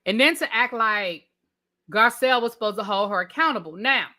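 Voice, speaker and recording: A woman with a high, bright, sharp-edged voice talks straight to her live audience, ranting about a TV reunion episode. She is chatty and emphatic, with slang like "child" and "honey", and her pitch and volume swing up and down as she makes her points. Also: expressive, a little fast. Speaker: YouTube TV reviewer, live stream host. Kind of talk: casual live-stream rant, greeting chat viewers.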